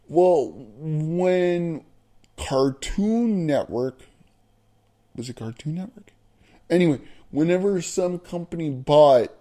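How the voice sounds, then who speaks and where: A man ranting bluntly in an opinion vlog, profane and emphatic, slowing down to hammer his points. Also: medium pitch, dark tone. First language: not American. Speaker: vlogger.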